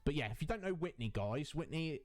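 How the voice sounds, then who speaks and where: A man streamer in casual chat, effusive and chatty, warmly greeting viewers by name. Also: fairly high pitch, lively intonation, brisk, faint music behind.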